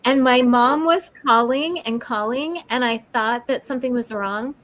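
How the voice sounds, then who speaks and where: Woman on a live stream chatting, higher voice, giggly and animated telling a story. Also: unhurried. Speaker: livestream co-host. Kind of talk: casual storytelling chat. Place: home.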